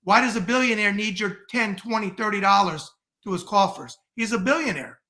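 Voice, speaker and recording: A man's voice: high-pitched, lively intonation, fairly quick, bright, forceful tone. A middle-aged man from the United States, a podcast guest talking politics in a blunt, profane, emphatic rant. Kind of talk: heated political talk.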